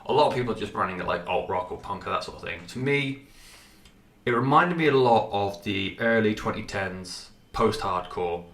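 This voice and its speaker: Far from the mic in a reverberant space, a deep-voiced man with a fairly bright tone delivers a rambling music review monologue on his podcast. He swears, restarts, leans on fillers, and sniffles with a runny nose.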